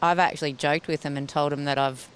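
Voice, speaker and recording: High bright Australian man. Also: fairly even intonation, fast talker, a little hiss or hum. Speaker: interviewee.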